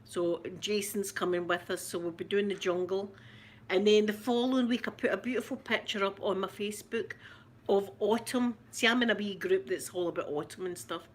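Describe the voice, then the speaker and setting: A woman's voice: mid-range voice, fairly even intonation, fairly quick. A middle-aged woman with a Scottish accent, chatting casually and laughing with live viewers as she hosts a stream. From Scotland. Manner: chatty, rambling, laughs often. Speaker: ASMR livestream host.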